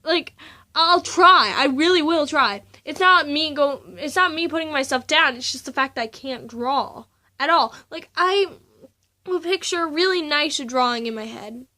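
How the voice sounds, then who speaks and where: A woman's voice: sits high, normal speed, pushed and bright. A teenage girl chatting casually about school and hobbies, rambling and giggly, with many fillers and restarts. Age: teens. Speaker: student vlogger.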